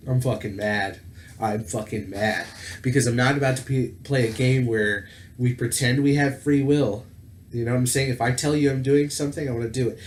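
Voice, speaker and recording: A man hosting a tabletop gaming channel tells a personal story in a casual, rambling way, full of fillers and self-corrections. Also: medium pitch. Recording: roomy echo with faint background noise.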